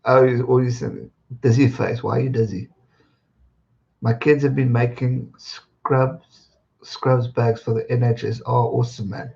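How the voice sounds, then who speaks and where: A man's voice: medium pitch, steady tone, a little slow, vocal fry, darkish tone, muffled recording. A man hosting a live stream, chatting casually and greeting viewers by name as he reads their comments.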